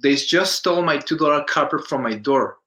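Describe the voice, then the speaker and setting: A man from Colombia with a Colombian Spanish accent, a guest in a casual interview, telling stories in a lively way and acting out quoted voices. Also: on the high side, brisk, rough recording. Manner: animated storyteller, acts out quoted voices, restarts often.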